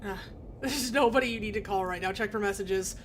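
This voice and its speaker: A woman's voice: mid-range voice, fairly quick, a little hiss or hum. A woman streaming a video game, reading its text aloud with casual, laughing asides.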